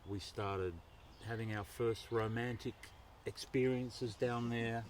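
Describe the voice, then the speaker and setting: Animated male storyteller. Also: medium pitch, slow, slight background noise. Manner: animated, swearing, with laughs. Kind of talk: live storytelling performance. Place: outdoors in a forest, before a live audience.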